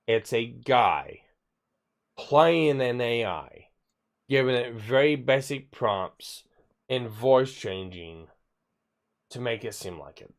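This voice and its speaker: A man's voice: medium pitch, animated, slow, pauses often. A man streaming live, chatting casually and rambling with frequent stammered restarts and the odd swear. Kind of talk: casual livestream chat.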